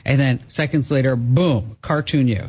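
A man hosting a call-in radio show, chatty and quick to laugh, giving advice to callers and reading ads. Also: mid-range voice, breathy edge. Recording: dull broadcast audio.

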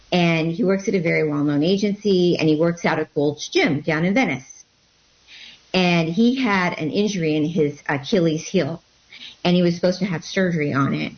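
A woman guest telling a personal story in an interview, animated and acting out what people said. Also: lowish voice, moderate pace. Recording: dull lo-fi sound.

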